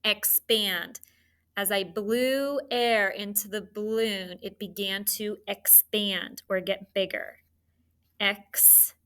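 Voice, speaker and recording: A woman's voice: mid-range voice, steady tone, takes it slowly, a bit bright, smooth. A woman teaching a children's phonics lesson, spelling out letters and encouraging the students.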